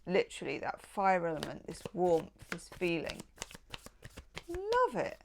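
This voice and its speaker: A woman's voice: lowish voice, fairly even intonation, normal speed, gravelly, a little hiss or hum. A woman giving a tarot reading in a casual, enthusiastic and affectionate way, with chatty asides. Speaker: tarot reader.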